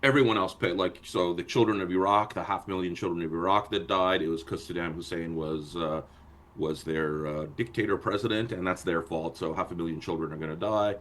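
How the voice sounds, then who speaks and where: Deep-voiced man, animated podcast talk. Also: brisk. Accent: anglophone Montreal French. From born in London, raised in Canada. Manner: animated, joking, talks over others. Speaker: podcast co-host. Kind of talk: casual chat.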